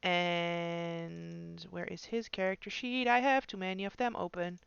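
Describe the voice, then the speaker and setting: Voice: mid-range voice, level tone, unhurried, vocal fry, a bit bright, clean tone, no echo, highs cut off. A game master patiently talking players through an online tabletop game over a computer mic.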